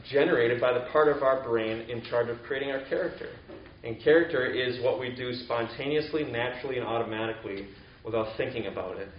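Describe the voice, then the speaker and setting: A man's voice: mid-range voice, slight background noise. A man giving a sermon in a conversational, explanatory way, with filler words as he teaches. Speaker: pastor. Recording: echoey, distant, dull mic with faint ambience.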